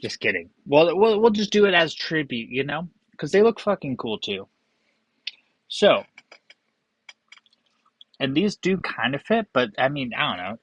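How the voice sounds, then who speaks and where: A man's voice: fairly high pitch, sing-song, measured pace, long pauses, a bit bright, husky, no echo, low-quality recording. A young man hosting a casual whiskey tasting, rambling and joking with profane asides. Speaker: whiskey vlogger.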